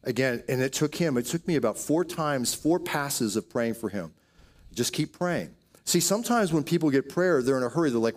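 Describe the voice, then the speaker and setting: A man's voice: mid-range voice, expressive, normal speed. A man preaching a sermon, telling healing stories in a storytelling way with quoted asides. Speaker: pastor. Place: church auditorium.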